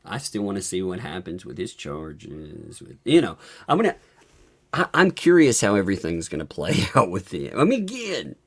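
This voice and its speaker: A man's voice: moderate pace, husky. A man hosting a casual live stream, commenting and chuckling often as he talks. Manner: chuckles often through his talk; animated, swinging up and down in pitch.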